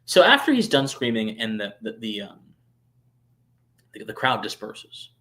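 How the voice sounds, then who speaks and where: A man hosting a live stream, telling a long personal story in a chatty way, full of fillers, restarts and sudden swings between hushed asides and loud bursts. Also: on the low side, sing-song, a little slow. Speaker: streamer and show host.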